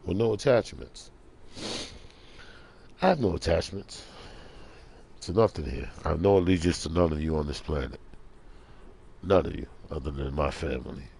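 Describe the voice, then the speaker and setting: A man ranting preachily in a casual monologue, talking low and quietly at home in the early morning. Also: animated, moderate pace, vocal fry, long pauses, husky. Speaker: vlogger.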